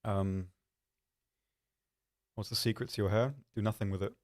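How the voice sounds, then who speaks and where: A man's voice: lowish voice, fairly even intonation, normal speed. A man hosting a live stream, chatting casually in a rambling, self-deprecating way with lots of ums. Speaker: stream host.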